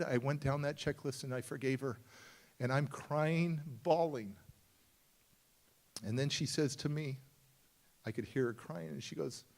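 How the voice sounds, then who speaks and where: Confiding male motivational speaker. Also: fairly high pitch. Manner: conversational and confiding, swings between loud emphatic lines and quiet hushed ones. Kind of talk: live storytelling talk and audience Q&A. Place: summit talk before a live audience.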